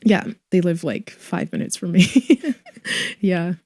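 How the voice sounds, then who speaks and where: A woman actress chatting casually in an interview, full of fillers and quick laughs. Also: lowish voice, darkish tone, dry recording, studio quality.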